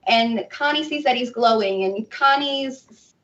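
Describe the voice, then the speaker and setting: Woman panelist, higher voice, chatty animated recap; off-mic and dull home recording. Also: unhurried. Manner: animated retelling, acting out characters' lines. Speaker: convention panelist. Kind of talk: casual plot recap. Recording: distant muffled home recording, faint noise.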